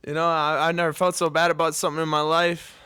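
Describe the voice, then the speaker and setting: A man co-hosting a casual podcast, telling a childhood story in a loud, profane, animated way and laughing as he goes. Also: fairly high pitch, fast talker, clear, resonant tone, no echo, studio quality. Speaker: podcast co-host.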